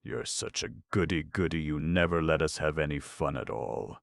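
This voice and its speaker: Man doing a grumpy little gnome helper, mumbly and slow, low gravelly voice. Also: dry recording, studio quality. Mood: disgusted. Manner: mumbling, sulky. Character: sulky, saucy little male gnome chamberlain.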